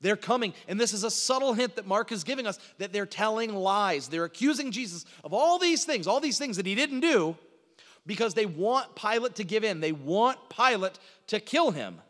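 A man's voice: high-pitched, lively intonation, normal speed, fairly bright tone. A man preaching an expository sermon who drives points home with repetition and often restarts his words. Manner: emphatic repetition, frequent stuttered restarts. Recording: long hall reverb.

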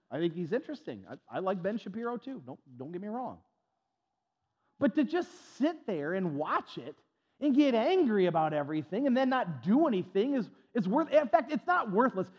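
A male pastor preaching with a high, animated voice that climbs and dips freely. He hammers his points with repetition, folksy jokes and stammered restarts. The sound is dull and lo-fi, with a long hall reverb. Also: a little fast, breathy edge. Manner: emphatic and repetitive, stutters on restarts, folksy humor. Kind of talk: sermon.

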